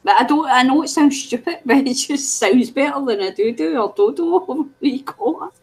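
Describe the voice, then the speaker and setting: Chatty Scottish woman, husky voice. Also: high voice, normal speed, rough recording. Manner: chatty, laughs often, teasing about words. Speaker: craft livestream co-host. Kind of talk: casual chat.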